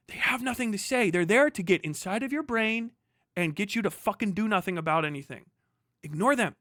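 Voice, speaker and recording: A man's voice: sits high, expressive, brisk, fairly bright tone, no room sound, clean studio sound. A man hosting a livestream, delivering an angry, profane political rant full of repetition. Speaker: livestream host.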